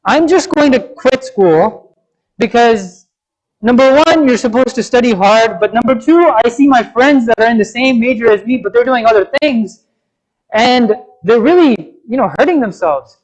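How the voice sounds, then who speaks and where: A man's voice: very high-pitched, moderate pace, low-quality recording. A preacher acting out a frustrated young man who complains and vents in exasperation. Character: frustrated young male college dropout.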